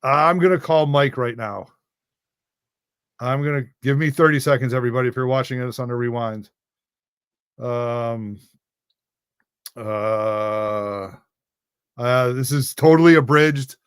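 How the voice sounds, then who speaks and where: A male host with a smooth, resonant voice speaks on a live show, so moved he is near tears. He keeps repeating stunned exclamations. The sound is dry and close to the mic. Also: medium pitch, a little slow, long pauses, no echo.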